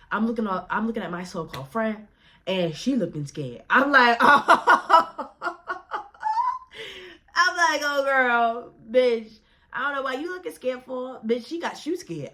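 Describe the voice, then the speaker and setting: Brash, low-voiced young woman ranting. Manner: brash, profane, animated, talks straight to viewers. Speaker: vlogger. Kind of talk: casual storytime rant.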